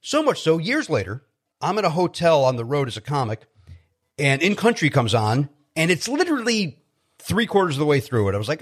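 A man from Chicago, a guest comedian, telling stories in casual chat, animated and self-deprecating with many restarts. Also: a little high, a little fast, slightly rough. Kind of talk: casual storytelling.

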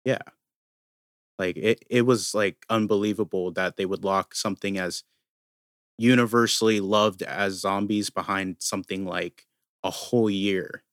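A man's voice: lowish voice, fairly even intonation, measured pace, fairly bright tone, no echo, clean studio sound. A man co-hosting a casual gaming podcast, explaining things at length with lots of fillers. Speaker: podcast co-host.

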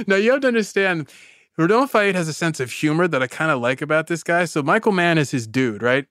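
A man hosting a podcast, telling a story in a casual, animated way with frequent laughs and lots of "like". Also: fairly high pitch, a little fast, dry recording, studio quality. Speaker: podcast host.

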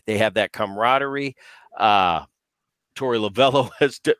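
A man's voice: mid-range voice, fairly bright tone, no room sound. Emphatic man talking baseball. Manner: emphatic, repeats himself with restarts. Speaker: baseball podcast co-host, former player. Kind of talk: casual sports talk.

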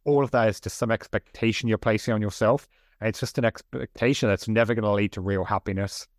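Earnest low-voiced motivational guest. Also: male voice, steady tone, quick pace, dry recording, clean studio sound. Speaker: guest, author and coach. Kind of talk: podcast interview.

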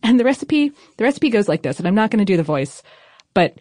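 A woman talking casually on a podcast, explaining old food history in an easy, informal way. Her voice has a middling pitch and is recorded close and dry, with no room sound. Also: big pitch swings, fast talker, darkish tone, no echo. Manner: chatty and informal, with fillers and laughs. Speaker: podcast co-host.

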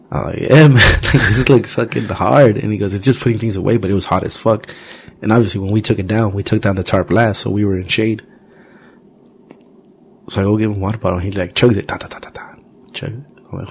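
A man's voice: fairly low pitch, gravelly, a little hiss or hum. A man hosting a podcast in casual chat, telling loose, profane stories and acting out the quotes. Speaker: podcast host.

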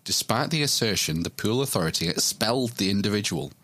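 A man hosts a casual talk show, reading news stories and cracking jokes. His voice sits fairly low but swings widely in pitch. The sound is dry and close. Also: lively intonation, brisk, fairly bright tone, no room sound. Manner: jokey, playful banter. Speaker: podcast host.

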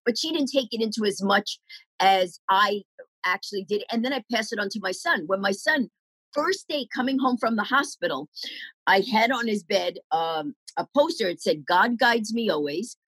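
Middle-aged woman comic, lively storyteller who acts out quotes; husky, dry close sound. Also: mid-range voice, moderate pace, dry recording, rough recording. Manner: animated, acts out quoted voices. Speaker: comedian guest. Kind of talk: storytelling interview answers.

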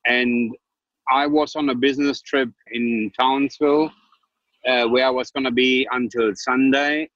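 A man's voice: mid-range voice, fairly bright tone, no room sound. Male investor, German background, blunt and upbeat; muffled, dry call audio. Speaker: investor and panelist. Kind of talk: casual panel chat.

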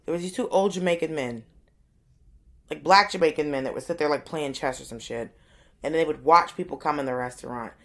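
A woman in her thirties co-hosting a casual comedic chat, an animated storyteller who acts out the voices of people in her stories. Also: deep voice, a little fast. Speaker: co-host.

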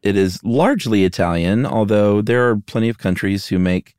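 A man co-hosting a podcast in casual chat, relaxed and quick to laugh. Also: on the low side, smooth, no echo, studio quality. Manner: relaxed, laughs easily, sings goofy jingles. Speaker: podcast co-host.

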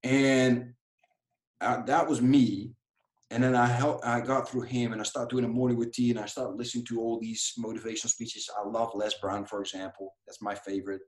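A man from Europe, a guest on a podcast, telling his story in a candid, animated way at home and often tossing in "dude" and "right?". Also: medium pitch, normal speed, echoey room. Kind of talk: casual storytelling. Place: home room.

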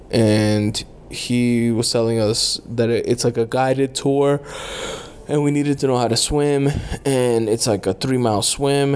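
A man's voice: mid-range voice, vocal fry, a little mellow, slight background noise. A young man chatting loosely about his travels, rambling with lots of fillers and casual swearing. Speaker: travel vlogger.

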